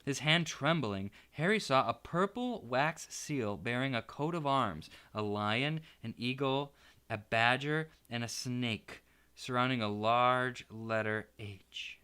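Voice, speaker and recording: A man, an art teacher, reading a children's storybook aloud in an expressive, playful way. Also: medium pitch, slow, clear, resonant tone.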